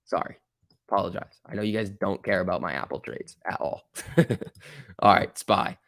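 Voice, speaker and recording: A man hosting a live stock trading stream, reacting excitedly to price moves and chatting casually with viewers. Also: deep voice, measured pace, gravelly, dry recording, clean studio sound. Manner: excitable, exclaiming at price moves, reading chat aloud. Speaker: stock trading livestream host.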